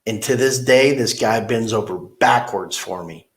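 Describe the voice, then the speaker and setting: Middle-aged man, slightly low voice, dealership manager, animated storyteller in an interview. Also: unhurried. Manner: animated storyteller who acts out quotes.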